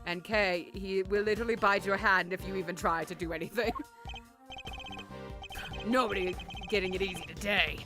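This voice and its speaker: A woman's voice: mid-range voice, fairly even intonation, normal speed, long pauses, over music. A woman streamer chatting casually between game lines, with joking, laughing asides. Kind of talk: casual gameplay commentary.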